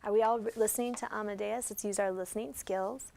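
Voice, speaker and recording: A woman leads a classroom lesson, patiently walking her students through each step with questions. Her voice carries a gravelly, fried edge at an everyday mid pitch. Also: steady tone, fast talker, dark tone, a little hiss or hum. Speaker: special education teacher. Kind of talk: classroom instruction.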